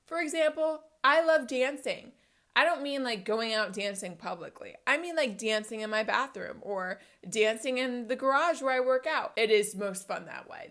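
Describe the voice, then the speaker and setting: A woman in her thirties talks to her viewers in a casual, upbeat way. Her speech rambles and jumps between thoughts. It sounds like a relaxed home vlog. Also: medium pitch. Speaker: vlogger. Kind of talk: casual talk to camera.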